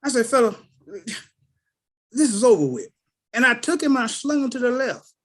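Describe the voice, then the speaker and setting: A middle-aged man on a group call tells personal stories in an extremely high-pitched voice at normal speed. He is an animated storyteller, acting out the voices of the people in them. It is casual spoken testimony from a call participant.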